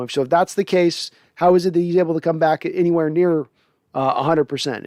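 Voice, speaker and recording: A man's voice: a little high, darkish tone, dry recording, clean studio sound. A man hosting a casual sports livestream, reading viewer comments aloud and answering them conversationally. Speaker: sports podcast host.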